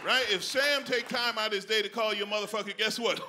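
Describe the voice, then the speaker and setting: A man's voice: sits high, moderate pace, noisy background. A man doing a stand-up comedy set on a club stage, blunt and conversational, often checking in with the crowd.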